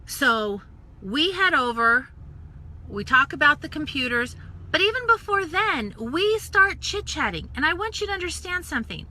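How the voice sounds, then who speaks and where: A woman from the United States telling a story in a casual, animated live stream, acting out voices and dropping into whispered asides. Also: high voice, normal speed. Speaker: network marketing coach. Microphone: phone or webcam live stream.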